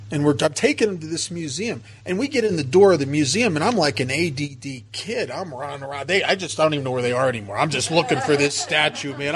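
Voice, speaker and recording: A man telling a personal recovery story to a meeting, emotional and self-mocking by turns. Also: a little high. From United States. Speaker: recovery speaker.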